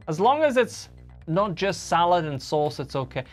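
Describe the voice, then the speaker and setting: Low-voiced woman chatting on a livestream. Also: sing-song, normal speed, soft background music. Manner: chatty, reads viewer comments aloud and answers them. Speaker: live-streaming guitarist. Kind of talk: casual live-stream chat.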